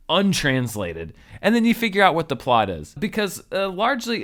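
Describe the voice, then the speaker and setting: Animated, wry male film critic. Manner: animated and wry, with sudden high jumps in pitch for emphasis. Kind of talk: movie review monologue.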